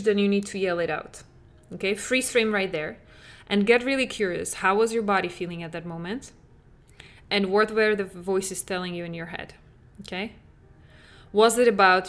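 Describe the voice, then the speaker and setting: Speaking at a medium pitch and a little slowly, this parenting coach runs her podcast alone, her tone fairly bright. She's a young adult woman whose earnest, chatty delivery is packed with "like" fillers.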